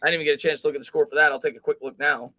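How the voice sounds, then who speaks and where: A man hosting a live sports talk stream, reading viewer comments aloud and thinking out loud with frequent restarts. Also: fairly high pitch, steady tone, rapid-fire. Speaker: host.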